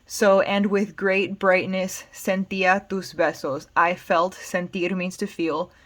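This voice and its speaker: A woman's voice: on the low side, little pitch movement, takes it slowly, a bit bright. A woman with an American accent teaching Spanish, patiently explaining song lyrics word by word. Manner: patient, plain explanations with fillers.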